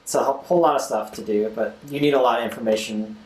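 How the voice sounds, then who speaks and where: A man's voice: mid-range voice, fast, roomy sound, low-quality recording. A young man hosting a casual screen-recorded music tutorial, talking as he clicks and scatting drum rhythms aloud.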